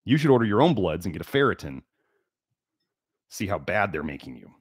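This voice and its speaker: A man's voice: deep voice, sing-song, fairly quick, breathy edge, no room sound, studio quality. A man hosting a health livestream, lecturing emphatically and repeating key words for stress. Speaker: livestream host.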